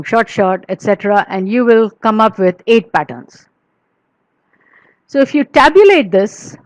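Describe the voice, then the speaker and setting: A woman's voice: on the high side, no echo, low-quality recording. A woman giving an academic lecture, explaining patiently with frequent fillers and restarts, and chanting verse in rhythm. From India.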